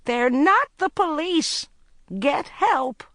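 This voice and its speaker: Narrator doing older woman spy, frantic, pleading, high-pitched, loud, dry studio audiobook. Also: wildly swooping pitch, takes it slowly, gravelly, slightly rough, no echo, exaggerated voice. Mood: shouting. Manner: crying out in alarm, pleading. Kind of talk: audiobook character voice.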